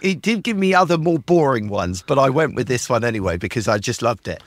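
A man's voice: medium pitch, brisk, no echo. A British man hosting a podcast, chatting with enthusiasm and acting out the prompts he types to his tools. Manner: enthusiastic, animated, acts out his own typed prompts. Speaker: podcast host. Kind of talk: casual chat.

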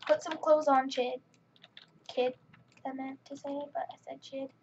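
High-voiced woman commenting on a game. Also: level tone, moderate pace, a little mellow, slight background noise. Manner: chatty, exasperated running commentary. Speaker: gaming channel host. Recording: dull lo-fi mic with faint keyboard clicks.

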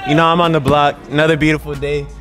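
A man with a slightly raised pitch chats in a relaxed, slangy way. Faint music plays behind him. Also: quick pace. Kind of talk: casual chat. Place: sneaker store.

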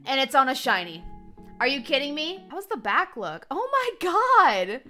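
A young woman chats casually through a live stream, excitable and quick to react. Her voice is bright and forceful, and sits a bit high. Her pitch leaps around animatedly, with faint music playing underneath. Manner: excitable, chatty, reacts loudly to pulls and reads chat aloud. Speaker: streamer opening trading cards.

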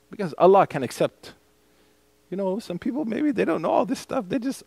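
A man's voice: sits high, very animated, brisk, vocal fry, darkish tone, husky, no room sound. A man teaching a mosque class as imam. He explains a hadith text in English and recites the Arabic passages.

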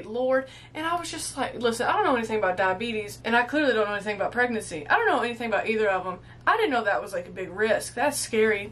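A young woman, hosting a movie reaction video. She gushes emotionally, swears and laughs freely, and sounds teary after a big cry. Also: on the high side. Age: 20s. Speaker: host.

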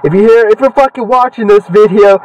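A young man giving casual, swear-filled commentary while playing a video game, excitable and heckling the characters on screen. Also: high voice, fairly quick, distant mic, lo-fi sound. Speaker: gaming channel host.

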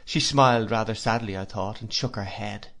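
A man giving a measured, expressive first-person audiobook narration. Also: on the low side, vocal fry.

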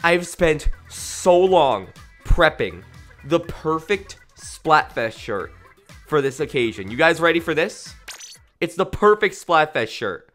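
Young guy streamer, sleepy and worn out but giggly, bouncy lively voice, bright tone, game music faint behind. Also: a little high, slow. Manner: loopy, giggly, rambling. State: tired, voice worn. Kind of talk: casual game stream commentary.

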